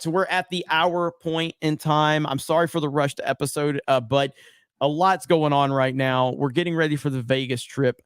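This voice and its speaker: A man's voice: mid-range voice, smooth, no echo, clean studio sound. Easygoing male stream host. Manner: relaxed, many ums and uhs. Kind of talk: casual live-stream chat, reading viewer comments.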